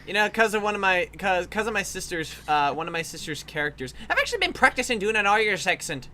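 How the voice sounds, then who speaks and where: A woman's voice: medium pitch, very animated, fast, sharp tone, slight background noise. A woman in casual chat among friends, playful and always trying out voices and accents. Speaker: podcast host.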